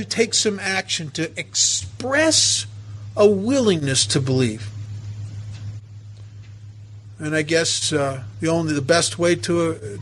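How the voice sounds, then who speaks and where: A man's voice: sits high, fairly bright tone, a little hiss or hum. A man telling a personal recovery story to a meeting, emotional and self-mocking by turns. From United States. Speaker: recovery speaker.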